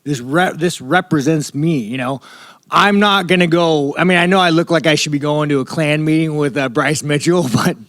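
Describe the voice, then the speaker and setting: Profane rambling fighter, higher voice. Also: male voice, normal speed, fairly bright tone, no room sound, clean studio sound. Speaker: fighter at media day. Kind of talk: media scrum interview.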